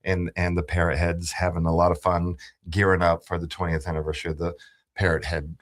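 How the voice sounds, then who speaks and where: A man's voice: sits low, level tone, brisk. A man hosting a morning radio talk show in a studio, chatty and joking. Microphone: studio microphone.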